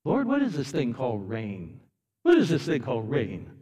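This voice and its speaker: A man's voice: medium pitch, huge pitch swings, normal speed, dark tone, breathy edge, muffled recording. A man preaching a sermon voices Noah as a puzzled, plain-spoken old builder, asking questions in his own voice. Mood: bewildered. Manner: bewildered, questioning.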